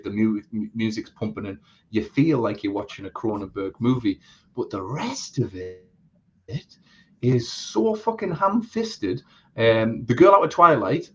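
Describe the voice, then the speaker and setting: A man's voice: lowish voice, husky. Blunt, sweary man on dull audio. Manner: blunt, swears freely, rambling restarts. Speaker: co-host. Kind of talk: casual live chat.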